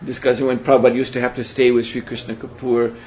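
A man teaching a spiritual seminar in a measured, reflective way, often pausing to hesitate. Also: medium pitch, flat delivery, darkish tone. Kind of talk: spiritual lecture. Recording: dull lo-fi recording with faint hiss.

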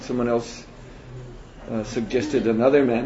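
A man teaching a spiritual seminar in a measured, reflective way, often pausing to hesitate. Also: mid-range voice, steady tone, dark tone. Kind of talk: spiritual lecture. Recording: dull lo-fi recording with faint hiss.

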